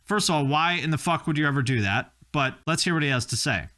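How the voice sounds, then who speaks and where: A man's voice: a little high, animated, fast, bright, forceful tone. A man hosting a casual reaction commentary, opinionated and wry, with a self-mocking humor. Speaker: host reacting to video clips.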